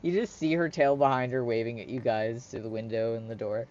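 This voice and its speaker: A woman's voice: rumbling low, steady tone, fairly quick, darkish tone. A woman narrating a tabletop game as game master, chatty and giggly, on a slightly muffled recording with faint hiss.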